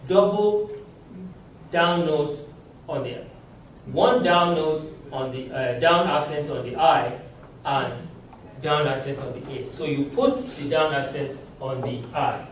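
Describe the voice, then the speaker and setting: A man teaching a language class, giving slow, patient explanations and chuckling often. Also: on the high side, a little hiss or hum. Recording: very echoey room, mic far off.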